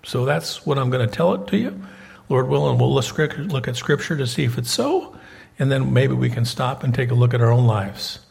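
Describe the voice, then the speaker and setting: A male preacher with a gravelly, creaky voice at an average pitch delivers a conversational sermon. He talks in a folksy way, repeats himself and keeps checking in with his listeners. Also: steady tone, fairly quick, darkish tone. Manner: folksy, repeats himself, asks the congregation questions. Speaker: preacher in prison ministry.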